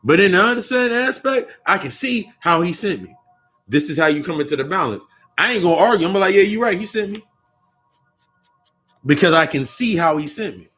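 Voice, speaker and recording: A young man muses aloud in a loose spiritual monologue, swearing freely and circling back over his own words. His voice sits a touch high for a man, with faint music under it. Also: lively intonation, brisk, a bit bright, breathy edge. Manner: profane, rambling, repeats and restarts phrases. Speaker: occult vlogger.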